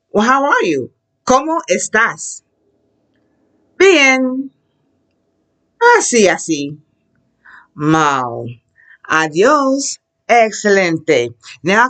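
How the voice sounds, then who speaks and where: A woman teaching a children's Spanish class, drawing out words slowly for the class to repeat. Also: mid-range voice, fairly bright tone. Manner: slow, drawn-out call-and-repeat prompts. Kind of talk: children's language lesson. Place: classroom with a chart behind her.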